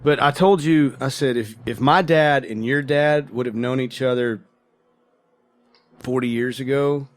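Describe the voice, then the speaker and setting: A man hosting a podcast, chatting casually and easygoingly with a guest on a tour bus, often trailing off into quiet asides. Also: medium pitch, measured pace, no room sound. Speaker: podcast host, musician. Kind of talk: casual conversation.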